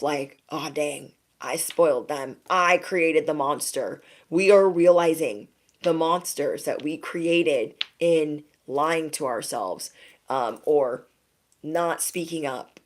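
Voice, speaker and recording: A woman with a low-pitched voice reads tarot for her online audience. She speaks in a loose, conversational way, often pauses to ask "okay?", and laughs lightly now and then. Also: slight background noise. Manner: chatty, reassuring, frequent "okay?" and laughs. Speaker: tarot reader. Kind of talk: casual tarot reading to viewers.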